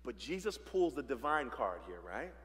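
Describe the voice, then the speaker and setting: In a church sanctuary with long reverb, a male pastor with a mid-range, fairly bright voice preaches conversationally in a sing-song manner at a moderate pace. His sermon is full of rhetorical questions and playful asides.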